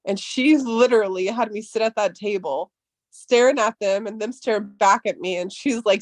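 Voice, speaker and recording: A woman's voice: mid-range voice, normal speed, no echo. A woman in her thirties chatting casually as a podcast co-host, telling rambling stories full of swearing. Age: 30s. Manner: profane, rambling storytelling. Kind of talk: casual chat.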